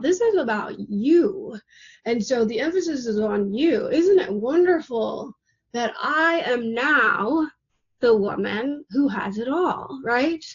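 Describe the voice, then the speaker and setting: A woman with a slightly high, breathy voice teaches a class in a chatty, looping way. She keeps checking in with the listener as she goes. The recording sounds a bit dull and lo-fi. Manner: chatty, repetitive, rhetorical "right?" asides. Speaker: manifesting coach.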